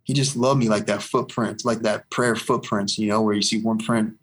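A man's voice: fairly low pitch, steady tone, moderate pace. A man giving a personal faith testimony as an interview guest, earnest and rambling, repeating phrases for emphasis.

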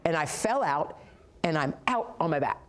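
A woman telling her faith testimony in an animated, sarcastic storytelling manner, laughing as she goes. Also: low-pitched, normal speed. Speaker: guest sharing a testimony.

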